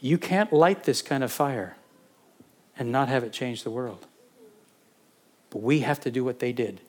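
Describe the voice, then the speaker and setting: A man's voice: medium pitch, a little slow. Fervent man preaching a sermon. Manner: fervent, builds from quiet to urgent pleading; repeats phrases for emphasis. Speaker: pastor. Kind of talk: sermon with closing prayer.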